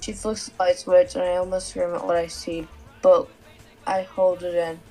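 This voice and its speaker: Woman guest reader, flat and mellow, halting delivery, faint music behind. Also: lowish voice, low-quality recording. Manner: halting, stumbling reading. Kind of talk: reading fanfic aloud.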